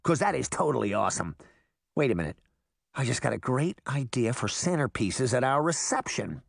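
A man's voice: medium pitch, big pitch swings, moderate pace, creaky, no echo, studio quality. A man voicing a cocky, mischievous boy fairy who talks in a smug, flippant way in an audiobook.

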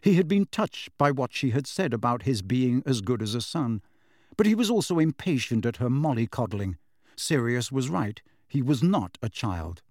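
A man's voice: medium pitch, animated, moderate pace, no echo, clean studio sound. A man narrating an audiobook expressively.

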